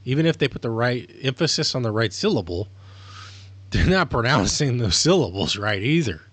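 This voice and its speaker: A man's voice: medium pitch, very animated, moderate pace, a bit bright, breathy edge, dry recording. A man streaming live, talking casually in a rambling, self-correcting way as he explains things. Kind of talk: casual livestream monologue.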